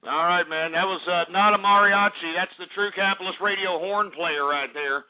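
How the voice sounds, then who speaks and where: A man hosts a call-in radio show in a brash, mocking way and fires insults back at his callers. His voice sits high for a man. The sound is narrow and phone-like. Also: steady tone, moderate pace. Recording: phone-like lo-fi broadcast audio.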